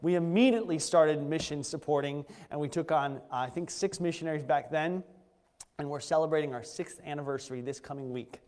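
A man's voice: fairly high pitch, brisk, a little mellow. A man preaching a personal testimony as a missionary pastor, in an earnest, conversational way with frequent restarts. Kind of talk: sermon testimony. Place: church sanctuary. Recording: echoey church hall.

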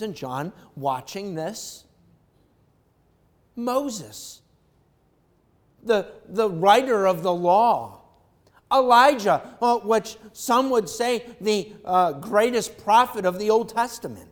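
A male pastor preaching an animated sermon, swinging from quiet reflection to loud excitement. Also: high-pitched, a little slow.

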